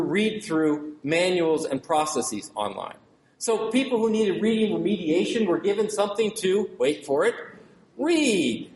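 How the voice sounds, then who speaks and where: A man giving a conference lecture to librarians, animated, with rhetorical questions and wry asides. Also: sits high. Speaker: keynote speaker to librarians. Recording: very echoey hall with faint noise.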